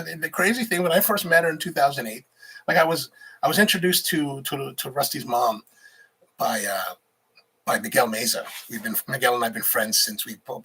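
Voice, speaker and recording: Very husky, gravelly-voiced man chatting. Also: mid-range voice, bright, forceful tone. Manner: rambling, reads viewer comments aloud. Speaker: livestream host, barista. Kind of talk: casual livestream chat.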